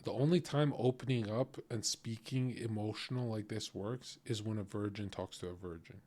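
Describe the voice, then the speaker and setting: A man's voice: fairly low pitch, moderate pace, darkish tone. A man streaming and reacting to a clip in casual, crude, opinionated commentary, lecturing his chat and often laughing.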